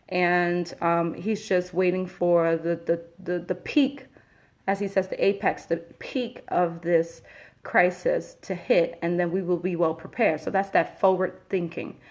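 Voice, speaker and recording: A woman from Queens, talking casually through a live-stream update and getting emphatic and indignant when she disagrees. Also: fairly low pitch. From Queens, New York. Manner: chatty, emphatic, breaks into an indignant rant. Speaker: Facebook Live host.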